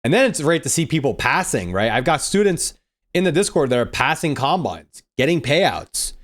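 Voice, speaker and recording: A man's voice: a little high, very animated, normal speed. A young man hosting a live trading stream, explaining setups and reading chat in a laid-back, slangy way. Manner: laid-back, slangy, says bro and dude. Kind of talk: casual live-stream teaching.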